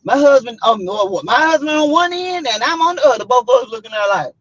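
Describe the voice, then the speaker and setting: A vlogger with a Southern US accent hosts a casual chat, telling a story dramatically and acting out the quotes with lots of animation. She speaks fast in a high-sitting voice, and the sound is lo-fi.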